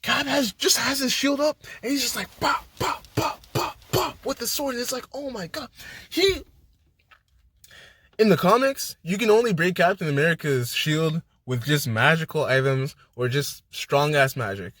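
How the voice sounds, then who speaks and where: A young man giving a casual spoiler movie review, excitable, slangy and full of swearing. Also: high voice, moderate pace, hardly any pauses, breathy edge, no room sound. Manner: hyped, profane, slangy storytelling.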